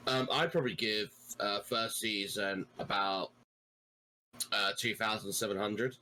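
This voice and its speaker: A man guesting on a podcast, chatting in a relaxed way and swearing casually. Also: on the low side, a little slow, a little hiss or hum, low-quality recording. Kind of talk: casual chat.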